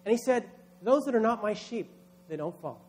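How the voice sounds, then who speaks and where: High-voiced man preaching a sermon. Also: animated, fairly quick, darkish tone, slightly rough. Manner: emphatic preaching, acts out voices in quotes. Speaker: pastor.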